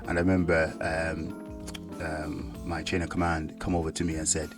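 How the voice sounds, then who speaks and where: Deep-voiced soldier rambling casually. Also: male voice, little pitch movement, normal speed, music in the background. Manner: rambling, full of "yeah" fillers. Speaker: soldier and vlogger. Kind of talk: casual talk to camera.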